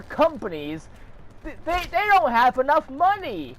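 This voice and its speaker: A man's voice: very high voice, wildly swooping pitch, a little slow, fairly bright tone. A man delivering a heated, profane rant to camera, swearing often and throwing in sarcastic asides. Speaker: vlogger.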